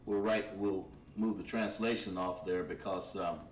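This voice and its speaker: A man teaching a language class, thinking aloud and pausing while he writes on a board. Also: deep voice, fairly even intonation. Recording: echoey room, mic at a distance, faint noise.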